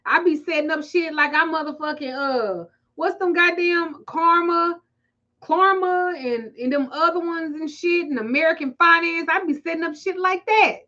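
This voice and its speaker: A woman's voice: very high-pitched, normal speed, pushed and bright, lo-fi sound. A woman with a Southern US accent hosting a casual livestream, telling stories in loose, profane, laughing banter. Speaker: spiritual reader and livestream host.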